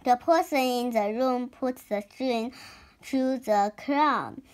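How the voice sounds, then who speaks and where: A child reader voicing a clever young boy explaining a mystery in a storybook, reading slowly and carefully. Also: medium pitch, natural voice.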